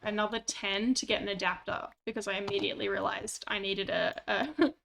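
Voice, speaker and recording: A woman's voice: mid-range voice, fairly even intonation, brisk, creaky, a bit bright, slight background noise. A woman streaming a game, chatting casually in rambling, self-deprecating asides on a cheap microphone. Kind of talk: casual gameplay commentary. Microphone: cheap desktop microphone.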